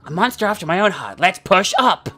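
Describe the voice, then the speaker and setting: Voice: medium pitch, sing-song, fairly quick, pushed and bright, soft background music, voice pushed up. A player putting on a campy, pushy voice for a cheerful male gym coach while playing a video game.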